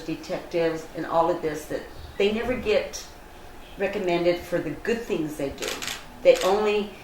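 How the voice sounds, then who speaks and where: An older woman recounts a personal story with earnest, animated feeling. Her voice sits low for a woman. The room around her sounds echoey, with a faint background hiss. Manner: earnest, animated storytelling, acts out quoted dialogue. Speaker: interviewee. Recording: roomy echo, faint ambient noise.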